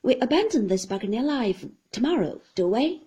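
A breezy, restless young gentleman who talks gaily and shrugs things off, read by a woman. The voice is higher and lively, with a very breathy, husky texture. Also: exaggerated voice. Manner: gay, brisk, offhand.

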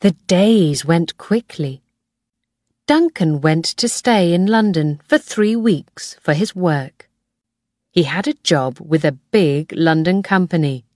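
A woman narrating a graded-reader story in a clear, careful, measured way. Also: lowish voice, a little mellow, no echo, studio quality. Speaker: audiobook narrator.

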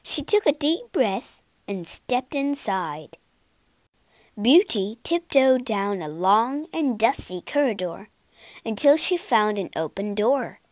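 A woman reading a children's storybook aloud with lively expression. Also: a little high, slow, no room sound. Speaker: storybook reader.

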